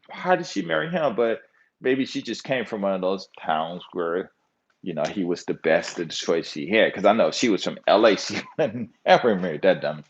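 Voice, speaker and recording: A middle-aged man telling a story in casual, profane monologue, acting out voices and sound effects as he goes. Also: low-pitched. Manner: animated, profane, acts out quotes with sound effects. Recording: slightly dull lo-fi audio.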